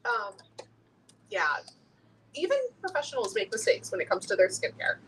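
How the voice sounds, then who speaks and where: A woman's voice: medium pitch, sing-song, normal speed, pauses often, a little hiss or hum, low-quality recording. A young woman who runs a skincare business, talking casually and laughing often. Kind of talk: casual chat.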